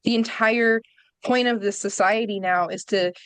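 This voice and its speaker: A woman's voice: medium pitch, steady tone, moderate pace, clear, resonant tone, no room sound, rough recording. A woman speaking as a podcast guest, giving her opinions in a blunt, emphatic and profane way. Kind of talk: casual conversational opinion talk.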